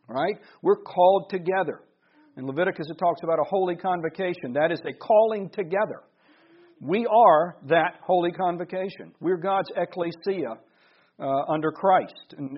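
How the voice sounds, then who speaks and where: A man preaching a sermon to a congregation, slowing down to stress key words. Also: on the high side, breathy edge, highs cut off. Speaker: pastor.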